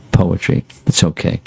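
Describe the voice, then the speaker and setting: A man teaching a scripture class, reading a passage aloud and breaking in with short plain asides. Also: dry recording. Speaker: spiritual teacher.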